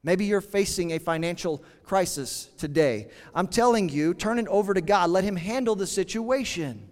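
A pastor preaching a sermon in an earnest, conversational way, with dramatic pauses. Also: male voice, high voice, a little mellow, big-room sound.

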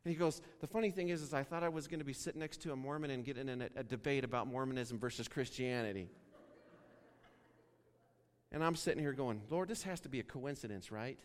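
A man from Wyoming preaching a sermon, telling a story and acting out the dialogue in an animated way. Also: medium pitch, fast talker. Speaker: pastor. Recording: long reverb of a large hall.

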